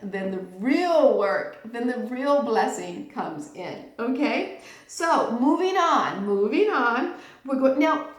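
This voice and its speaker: A middle-aged woman teaching a tarot class in a relaxed, chatty way, often checking in with her listeners. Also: on the high side, slow. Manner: chatty, checks in with "okay?" and "right?". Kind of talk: informal teaching talk. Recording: echoey room.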